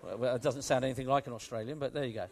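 A British man delivers a sermon in a lively, conversational style, moving between hushed moments and emphatic ones. His voice sits in the middle range and he talks very fast, with a slight hiss or hum in the audio.

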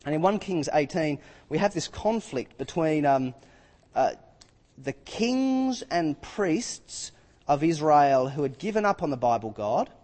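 Animated high-voiced male preacher. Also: measured pace, in a large hall. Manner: animated, retells scripture with acted quotes. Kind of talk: sermon.

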